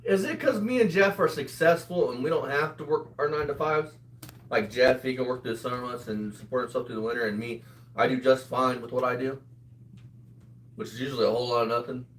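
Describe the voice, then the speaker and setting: A man's voice: medium pitch, brisk, a bit bright. A man in his twenties co-hosting a commentary show, mocking and swearing in casual banter. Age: 20s. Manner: mocking, foul-mouthed, breaks into laughter. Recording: echoey room, far from the mic.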